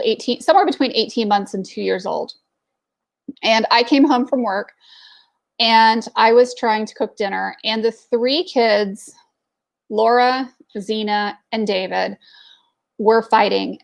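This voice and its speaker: A woman's voice: mid-range voice, gravelly. A woman in her forties telling a candid personal story in casual talk, with plenty of fillers. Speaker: entrepreneur network speaker.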